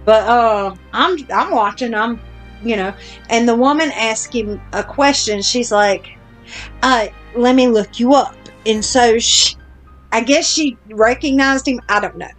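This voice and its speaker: A woman's voice: on the high side, a little slow, a bit bright, soft background music. A woman podcast host telling a long story in casual chat, blunt and self-deprecating, with casual swearing.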